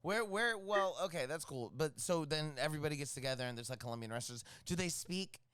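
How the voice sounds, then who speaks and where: Guy cohosting, slangy jokey talk, kinda high smooth voice. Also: fast talker, no room sound, clean studio sound. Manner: joking, slangy, animated. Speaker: co-host. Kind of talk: casual chat.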